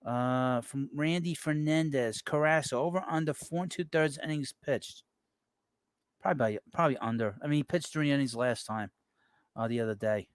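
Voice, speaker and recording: Smooth and medium-pitched, this man speaks at a moderate pace in a dry recording. As the host of a laid-back live baseball show, he wanders through viewer messages, reading them out and responding offhandedly.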